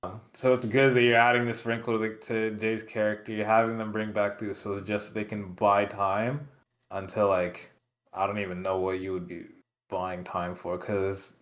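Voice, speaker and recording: A man with a fairly low voice talking casually through wrestling booking ideas on a podcast. His manner is relaxed and profane, and he often trails off and restarts mid-thought. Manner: laid-back, profane, musing. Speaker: podcast co-host.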